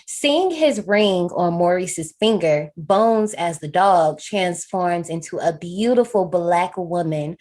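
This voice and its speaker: A woman's voice: lowish voice, lively intonation, takes it slowly, few pauses, darkish tone. A woman co-hosting a podcast, recapping a horror film in a playful, frank, slangy way and laughing often. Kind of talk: casual chat, film recap.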